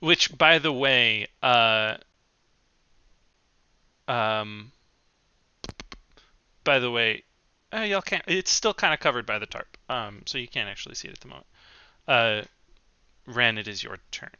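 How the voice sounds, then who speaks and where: A man running a tabletop game as game master, relaxed and chatty, laughing easily between fillers. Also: medium pitch, measured pace, pauses often, clear, resonant tone, no room sound, dull audio.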